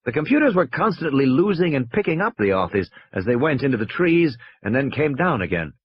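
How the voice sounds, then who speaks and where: Narrating an audiobook, this man keeps a steady storyteller's pace while his slightly husky voice moves up and down in animated pitch. His delivery is brisk, and the sound is dry and a bit muffled.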